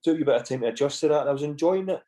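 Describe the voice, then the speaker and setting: A man's voice: fairly high pitch, racing, mellow. Scottish man telling rambling anecdotes. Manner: rambling anecdotes with frequent "you know" and swearing. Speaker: podcast guest, former footballer. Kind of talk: casual storytelling chat.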